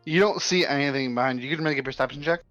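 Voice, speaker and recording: A man's voice: medium pitch, very fast, a bit bright, dry recording. A man in a mid-range voice narrates as game master for a tabletop role-playing game. He talks in a loose, rambling way, full of filler words. Faint music plays behind him.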